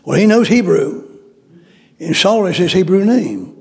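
Gravelly, high-voiced man preaching. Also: big pitch swings, a little slow, darkish tone. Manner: repetitive, emphatic, acts out quotes. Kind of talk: sermon.

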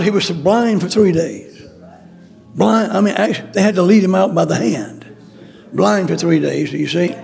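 Gravelly, high-voiced man preaching. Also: a little mellow. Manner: repetitive, emphatic, acts out quotes. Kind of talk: sermon.

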